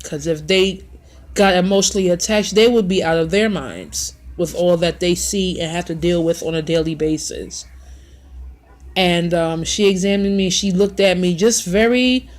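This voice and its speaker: A woman in her thirties telling a personal story on her vlog, in an emotional, halting way with sighs and apologies. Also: fairly low pitch, expressive. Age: 30s. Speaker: vlogger.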